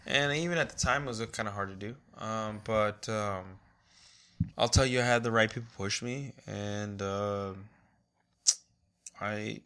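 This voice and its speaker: A man in his thirties chatting casually with his younger brother, a relaxed storyteller who laughs through his anecdotes. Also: fairly low pitch, a little slow, clean tone. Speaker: interview guest, older brother. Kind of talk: casual family conversation.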